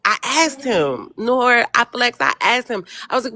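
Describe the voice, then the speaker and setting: A woman's voice: fairly high pitch, big pitch swings, measured pace, few pauses, bright, forceful tone. An American woman telling a personal story in a casual panel discussion. She is chatty and laughs as she talks. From United States.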